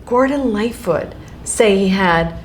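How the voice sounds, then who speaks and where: Middle-aged woman author, casual and animated interview guest. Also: medium pitch, slow, slight background noise. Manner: animated, laughs often, talks in asides and restarts.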